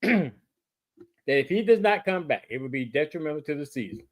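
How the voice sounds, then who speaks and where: A man's voice: fairly high pitch, very animated. A man co-hosting a casual sports talk show, explaining himself over and over with growing exasperation. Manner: exasperated, repeats himself slowly. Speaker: podcast co-host.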